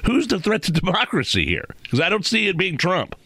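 A man's voice: sits high, wildly swooping pitch, a little fast, sharp tone, breathy edge, no echo. A man co-hosting a talk show, giving wry, sarcastic political commentary.

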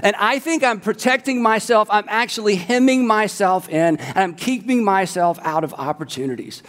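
A man's voice: sits high, normal speed, fairly bright tone. A middle-aged man, a pastor, preaching a sermon in a chatty storytelling way with jokey asides. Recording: long hall reverb.

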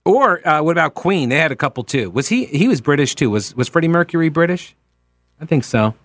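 A man's voice: on the high side, animated, brisk, a bit bright, no echo, studio quality. An American man hosting a talk radio show, rambling and joking in a casual way. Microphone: studio microphone.

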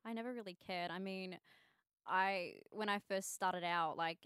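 A woman's voice: on the low side, a little slow, a bit bright, clean tone, dry recording, clean studio sound. A young woman streamer, a guest on a casual podcast, talking in a chatty, bubbly way with lots of fillers.

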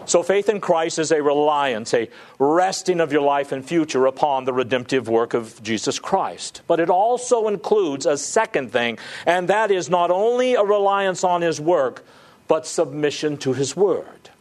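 Earnest male pastor, fairly high voice. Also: animated, moderate pace, a little mellow. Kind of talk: sermon.

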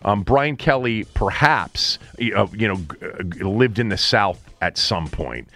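A man's voice: lowish voice, expressive, unhurried, pushed and bright, faint music behind. A man hosting a sports talk show, chatting casually in a wry, joking way.

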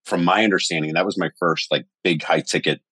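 A man's voice: deep voice, fairly quick, breathy edge, dry recording. A man telling stories animatedly in a casual podcast conversation, cursing freely. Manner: animated storyteller, swears casually. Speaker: podcast guest.

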